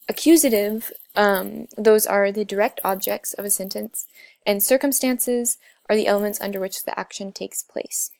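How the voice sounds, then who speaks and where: A woman's voice: medium pitch, darkish tone, no echo. A young woman narrating a class slide presentation, explaining step by step with frequent filler sounds. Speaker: student presenter.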